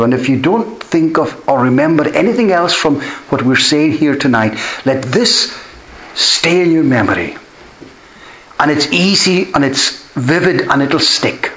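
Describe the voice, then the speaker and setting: A man's voice: on the high side, a bit bright. A man preaching a sermon, earnest and emphatic, often repeating key phrases for weight. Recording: echoey room.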